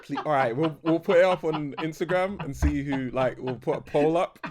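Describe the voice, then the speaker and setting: A man's voice: a little high, moderate pace, a crowd in the background. A young man co-hosting a casual podcast chat, rambling, correcting himself and laughing often. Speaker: podcast co-host.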